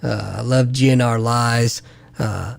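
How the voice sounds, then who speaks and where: A man's voice: medium pitch, steady tone, slow, gravelly. A middle-aged man co-hosting a podcast, laid-back and profane, mostly chiming in with short replies. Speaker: podcast co-host. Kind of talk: casual chat.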